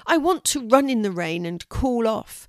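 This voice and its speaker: A woman's voice: medium pitch, big pitch swings, measured pace, darkish tone, dry recording, studio quality. A woman voicing a curious young boy in a children's storybook, complaining and irritable about the heat. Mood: whiny. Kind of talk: storybook reading.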